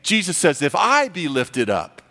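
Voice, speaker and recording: Man preaching, lively pitch, gravelly edge, long hall reverb. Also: a little slow. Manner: animated preaching, acts out quoted voices. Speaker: pastor. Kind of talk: sermon.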